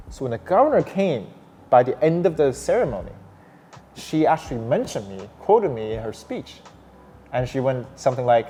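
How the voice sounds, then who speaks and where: Long reverb from a hall and faint noise surround a young startup founder's medium-pitched voice as he recounts his story at a normal pace. It's a casual interview, and he's animated, stumbling into many fillers and restarts.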